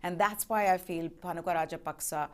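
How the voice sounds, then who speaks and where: A woman's voice: on the low side, fairly quick. Conversational woman co-hosting a cricket show. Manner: conversational, lively, leads the segment. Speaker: co-host. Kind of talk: live fantasy cricket chat.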